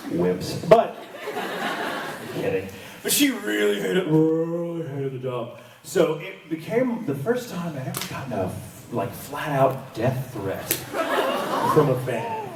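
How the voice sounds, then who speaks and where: A man's voice: fairly high pitch, very animated, slow pace, creaky, noisy background. A man who voices characters, telling stories on a convention panel in a wry, self-mocking way and laughing often. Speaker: voice actor and panel guest. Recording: echoey convention hall, distant mic, crowd.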